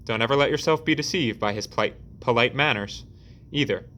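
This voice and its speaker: A man voicing a boisterous middle-aged construction boss who talks loudly and heartily, in an audiobook reading. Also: medium pitch, brisk, natural voice. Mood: amused. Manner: loud, roaring and jovial.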